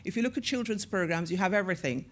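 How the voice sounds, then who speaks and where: A woman in her sixties, an actor and former TV presenter, telling lively stories in an onstage interview and acting out the voices she quotes. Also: medium pitch, very fast. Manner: lively storyteller who acts out quoted voices. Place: on a stage at a screening event.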